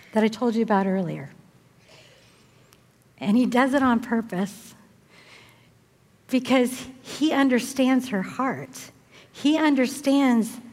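A woman's voice: a little high, darkish tone. Older woman preaching in a reverberant hall. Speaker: speaker at a women's event. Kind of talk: sermon.

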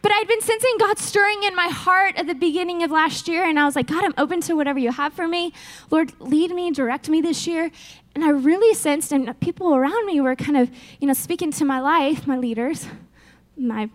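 Young woman preacher, high-pitched and animated, speaking to a women's group. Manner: animated, acts out prayers and quotes with laughs. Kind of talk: sermon.

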